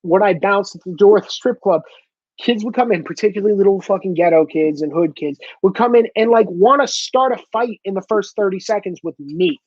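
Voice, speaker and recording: A man's voice: high voice, brisk, darkish tone, dry recording. A man ranting heatedly and profanely in a rambling solo monologue, recorded alone in a room. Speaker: solo vlogger. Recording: dull lo-fi, dry.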